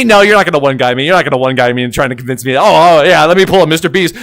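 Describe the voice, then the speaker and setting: A young man live-streaming and chatting with his viewers, loud and excitable, joking at his own expense and bursting into yells. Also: a little high, rapid-fire, hardly any pauses. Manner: joking, self-mocking banter with chat. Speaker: livestreamer.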